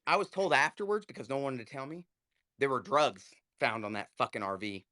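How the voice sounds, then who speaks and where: A man telling a heated story, full of swearing, in a casual live audio chat. His pitch swings widely as he gets worked up, and the sound is close and dry with no room echo. He talks over an online call. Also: sing-song, brisk, pushed and bright. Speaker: guest speaker.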